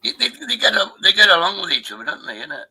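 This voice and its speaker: Brief: older man in his sixties, sharp bright tone, rambling and sweary, livestream host on a call. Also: high-pitched, sing-song, fast talker, gravelly, slightly rough, rough recording. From Derbyshire, England. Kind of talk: casual chat.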